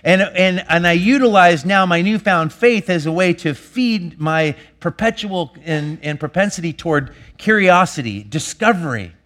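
A man preaching a sermon as a pastor, earnest, swinging between emphatic bursts and hushed lines. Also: high-pitched, animated, moderate pace, hardly any pauses.

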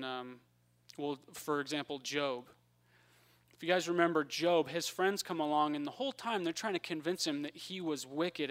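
A man preaching a conversational Bible-teaching sermon, acting out the characters in quick voices. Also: fairly high pitch, a bit bright.

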